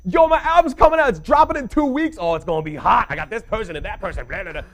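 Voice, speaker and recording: A man's voice: expressive, fast talker. A man imitating a brash male rap mogul who mumbles short brush-off answers and only talks up his own album. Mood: hyped. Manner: low mumbling brush-offs, then loud hype.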